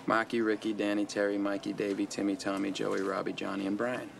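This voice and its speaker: A man's voice: on the low side, little pitch movement, gravelly. An actor playing a guarded, defensive young man who snaps back and swears, heard in a noisy film clip. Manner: defensive, quick to snap and swear.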